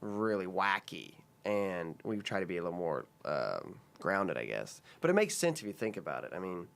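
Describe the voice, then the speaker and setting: Rambling low-voiced comedian guest. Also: male voice, sing-song, moderate pace, gravelly. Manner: rambling storyteller, many restarts and fillers. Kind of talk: casual podcast chat.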